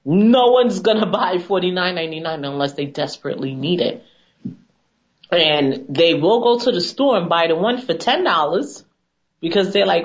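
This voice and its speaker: A woman esthetician talking in an animated, emphatic, chatty way as a guest on a TV segment, on a dull lo-fi recording. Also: fairly low pitch, normal speed. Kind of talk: casual TV chat.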